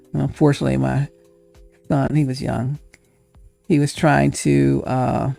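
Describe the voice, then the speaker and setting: Low, gravelly woman chatting casually. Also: warm tone, dry recording. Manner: chatty, laughs often, thinks aloud with fillers. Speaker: host. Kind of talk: casual chat.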